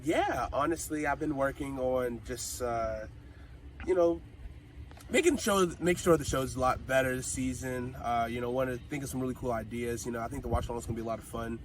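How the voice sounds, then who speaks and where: A man hosting a casual sports talk stream, his voice hoarse, talking in a loose, hyped-up, chatty way. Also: mid-range voice, brisk, reverberant, recorded from a distance, a little hiss or hum, poor audio. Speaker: host.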